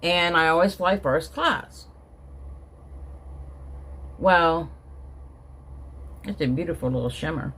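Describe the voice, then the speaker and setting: A woman's voice: low voice, slow, pauses often, a bit bright, breathy edge. A middle-aged woman telling a personal story in a casual vlog, rambling with many restarts and emotional asides. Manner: emotional, recounting being upset. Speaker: vlogger.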